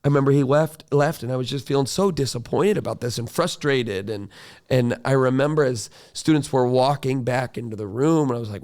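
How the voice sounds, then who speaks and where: A male teacher telling a classroom story in a reflective, conversational monologue, acting out quoted dialogue and asking "right?" often. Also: fairly quick. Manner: animated, acts out quoted dialogue with rising pitch. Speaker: teacher and podcast host.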